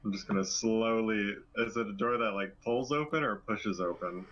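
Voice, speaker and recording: A man's voice: on the low side, normal speed, fairly bright tone, muffled recording. A man playing a tabletop game with friends, chatting in a playful, joking way. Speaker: player. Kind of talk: casual tabletop game chat.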